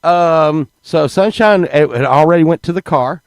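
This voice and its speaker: A man's voice: fairly high pitch, normal speed, clear, resonant tone, no room sound. A man, telling stories in a rambling, casual way to a live chat, restarting words and swearing freely.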